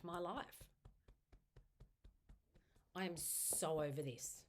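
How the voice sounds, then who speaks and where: An Australian woman with a low voice leads a self-help tapping routine, speaking a guided script aloud. She delivers slow, repetitive first-person affirmations in steady, repeated phrases.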